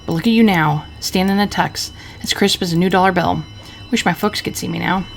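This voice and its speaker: A woman voicing a crude, drunken, scheming husband from the 1940s, talking gruffly and cursing. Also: on the low side, a little fast, soft background music, close to an everyday voice. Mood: grumbling. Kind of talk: reading game dialogue aloud.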